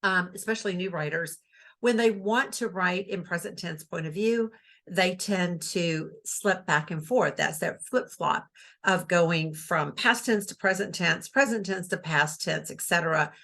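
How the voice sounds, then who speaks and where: Woman, middle-aged, writing teacher, casual instructional tone, a touch of vocal fry, reads examples expressively. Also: fairly low pitch, measured pace, a bit bright. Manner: conversational, reads example sentences aloud with expression.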